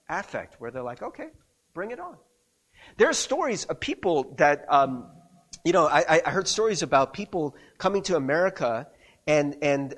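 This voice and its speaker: A man with a fairly high, husky voice delivers a sermon in a chatty, conversational manner. His pitch swings widely as he checks in with listeners and restarts his sentences. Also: a bit bright. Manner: conversational, frequent rhetorical "right?" and restarts. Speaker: pastor.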